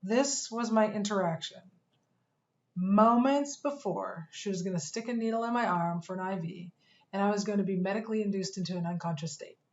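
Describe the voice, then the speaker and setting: Woman, course instructor, earnest, measured storytelling, middle pitch, slightly muffled recording. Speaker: fitness coach course instructor. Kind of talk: personal story narration.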